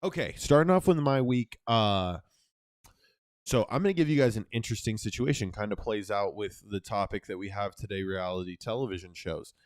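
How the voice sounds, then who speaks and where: A young man co-hosting a casual podcast, telling a story in a profane, animated way. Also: on the low side, fairly quick, no room sound, clean studio sound. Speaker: podcast co-host.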